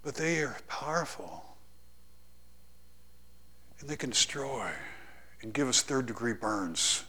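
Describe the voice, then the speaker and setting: A middle-aged man preaching a sermon, swinging from loud emphatic lines to hushed ones and telling a personal story. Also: medium pitch, expressive, slow pace, long pauses, slightly rough.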